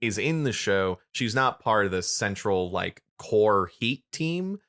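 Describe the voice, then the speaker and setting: A man co-hosting a podcast, chatting casually and recapping episodes in a relaxed storytelling way. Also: lowish voice, measured pace. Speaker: podcast co-host.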